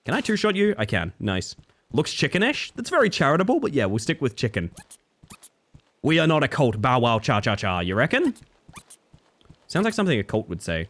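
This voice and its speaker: A man's voice: medium pitch, huge pitch swings, fairly quick, fairly bright tone. A young man from Western Australia with a Western Australian accent tinged with British, chatting playfully with viewers while gaming on a live stream.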